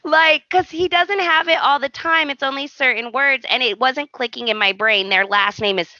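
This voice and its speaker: Podcast co-host, woman; lively storyteller doing the voices in her quotes, bright tone, dry dull-sounding mic. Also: sits high, normal speed, no echo. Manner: animated storytelling, acts out quotes. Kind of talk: casual chat.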